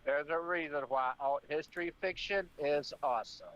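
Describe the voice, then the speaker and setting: A man's voice: on the high side, moderate pace, fairly bright tone. A man chiming in on a podcast, enthusiastic about a recommendation. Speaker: podcast guest. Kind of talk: casual podcast chat. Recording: dull muffled audio.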